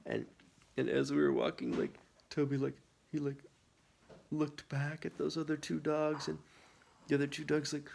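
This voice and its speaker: A man telling a funny personal story in a casual, animated way, with lots of filler words. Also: fairly high pitch, normal speed, gravelly, a little hiss or hum.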